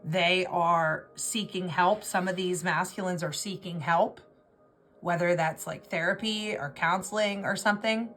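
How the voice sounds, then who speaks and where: A woman's voice: fairly low pitch, steady tone, unhurried, a bit bright, faint music behind. A woman giving an intuitive tarot reading, talking in an emotional, rambling way and often restarting her words. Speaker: tarot reader.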